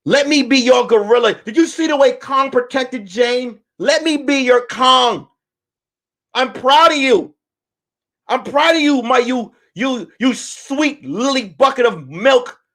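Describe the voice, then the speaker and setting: A man's voice: very high-pitched, unhurried, voice pushed up. A man voicing an overly proud husband who gushes about his wife and swears as he does. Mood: gushing. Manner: gushing, swearing, breaks into crying shouts.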